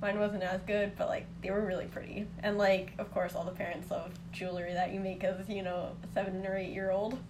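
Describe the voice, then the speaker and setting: A young woman recalling childhood crafts in relaxed casual chat, full of filler words. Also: mid-range voice, brisk, hardly any pauses, background noise. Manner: easygoing, filler-heavy storytelling.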